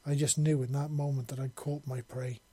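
A man's voice: mid-range voice, little pitch movement, normal speed, mellow, husky, no echo, close to an everyday voice. A man voicing a lovestruck, devoted and possessive female dragon-woman in an audiobook, making earnest, tender declarations. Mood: adoring. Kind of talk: audiobook character voice.

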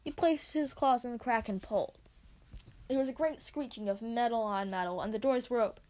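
A woman reading her own story aloud, expressive as she narrates. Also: a little high, a little fast. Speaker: reader.

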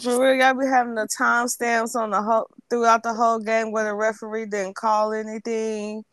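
A woman's voice: fairly high pitch, flat delivery, moderate pace, fairly bright tone, smooth, no room sound. A woman chatting casually on a podcast, teasing and amused. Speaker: podcast co-host. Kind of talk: casual chat.

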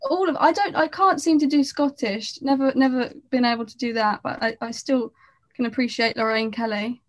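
A woman's voice: a little high, moderate pace. A woman chatting as a podcast guest, rambling and self-deprecating, trailing off mid-sentence. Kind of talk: casual chat.

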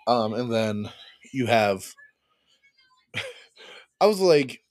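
A man's voice: medium pitch, big pitch swings, extremely slow, background noise. A man hosting a podcast in casual chat about a film, laughing often and acting out scenes in quotes. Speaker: podcast host. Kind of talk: casual movie review chat.

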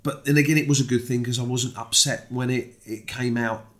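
Chatty British man telling a story. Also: brisk. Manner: animated, acts out quoted voices with big pitch jumps. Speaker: guest. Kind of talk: casual storytelling chat.

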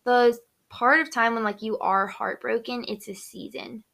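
A young adult woman hosts a casual faith podcast, sounding chatty and upbeat and saying "like" a lot. Her voice is fairly high, steady, and a bit bright, with vocal fry, at a normal speed.

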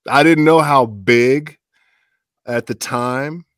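A man's voice: mid-range voice, slow pace, no echo, studio quality. A middle-aged man, a voice actor, telling stories in a casual interview and acting out the voices of the people he quotes. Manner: animated storyteller, acts out quoted voices. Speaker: voice actor guest.

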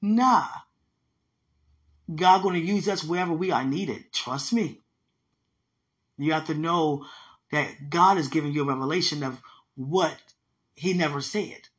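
A woman's voice: sits low, a little slow, long pauses. A woman preaching in an emphatic, conversational way, teaching from a dream with repeated phrases. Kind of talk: sermon-style teaching about a dream.

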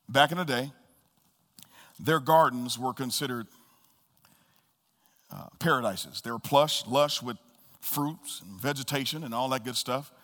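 A man preaching a sermon as pastor, swinging between soft low murmurs and high loud calls and repeating key phrases for emphasis. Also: in a large hall. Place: church sanctuary.

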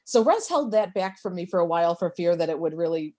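Interviewee, woman, lowish voice, chatty and halting storyteller. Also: expressive, a little mellow. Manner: chatty, hesitant storyteller with frequent restarts. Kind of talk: casual oral history interview.

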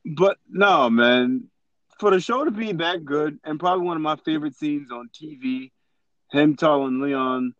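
Podcast co-host, man, somewhat high voice, animated and joking, dry slightly muffled sound. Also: moderate pace, no echo. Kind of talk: casual chat.

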